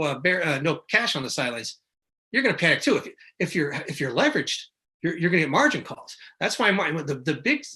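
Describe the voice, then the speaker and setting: A man's voice: on the high side, pushed and bright. A middle-aged man who is a market analyst, talking casually and rambling, with many restarts and self-corrections, now and then mimicking panicked investors. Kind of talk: casual explanatory talk.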